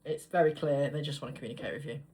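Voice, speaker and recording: A woman's voice: sits low, rapid-fire, a little mellow. A woman giving a casual tarot reading to viewers, chatty and blunt, swearing freely as she draws cards. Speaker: tarot reader.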